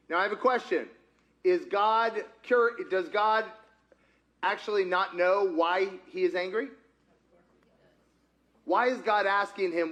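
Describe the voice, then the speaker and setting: A pastor delivers a sermon in a fairly high voice for a man. He talks in a loose, animated way, stopping often to put questions to the congregation. He is speaking in a church. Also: a little slow, long pauses. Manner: asks the congregation frequent questions; conversational and animated. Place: church sanctuary.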